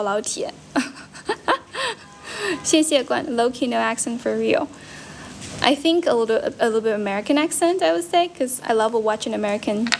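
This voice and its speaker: Streaming from her friend's house, a young Chinese English teacher chats casually and responds to comments in a rather high voice. She mixes English with Mandarin, repeats herself and self-corrects, and there's some hiss in the background.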